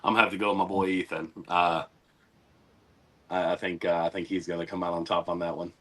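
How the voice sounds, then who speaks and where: A man's voice: low-pitched, little pitch movement, a little fast, a bit bright. A man co-hosting a casual wrestling chat, joking and teasing the others. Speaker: co-host.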